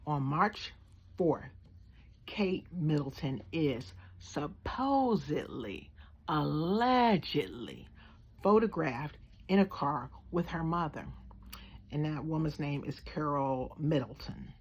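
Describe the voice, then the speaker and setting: An American woman giving blunt, slangy, animated opinion commentary in a casual vlog. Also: deep voice, takes it slowly, slightly rough. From United States. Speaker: vlogger.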